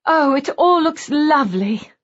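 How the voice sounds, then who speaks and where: A woman's voice: medium pitch, very animated, normal speed. A woman voicing a sweetly cheerful, teasing young bride who speaks breathlessly, on a dull lo-fi recording.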